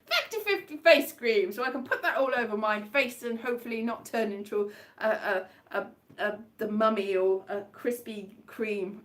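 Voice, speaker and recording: A high-voiced Welsh woman, a comedian, live-streams to viewers from indoors at home. She chats casually at a moderate pace, rambling and jumping between tangents.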